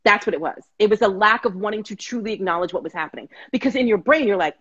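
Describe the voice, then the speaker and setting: A woman guest telling her story in casual, animated chat, with frequent restarts, over a video call. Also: medium pitch, fast talker, hardly any pauses, slightly rough, highs cut off. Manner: animated, restarts, acts out quotes.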